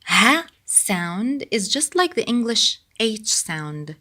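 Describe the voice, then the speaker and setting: A woman with an Egyptian Arabic accent teaching an Arabic pronunciation lesson, saying each sound slowly and carefully and repeating it. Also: fairly high pitch, sing-song, bright, forceful tone.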